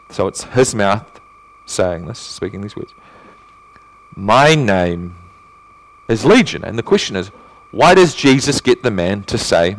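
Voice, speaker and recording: Lowish-voiced man preaching with rising emphasis. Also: low-quality recording. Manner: rhetorical questions, repeats key phrases for emphasis; rises in pitch and volume when stressing points. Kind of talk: expository sermon.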